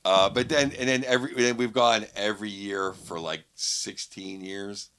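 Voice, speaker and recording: A man's voice: lowish voice, fairly even intonation, moderate pace, sharp tone, clean tone. A middle-aged man from Pittsburgh, a guest comedian telling a rambling anecdote on a podcast, full of restarts. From Pittsburgh, USA. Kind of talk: casual storytelling on a podcast.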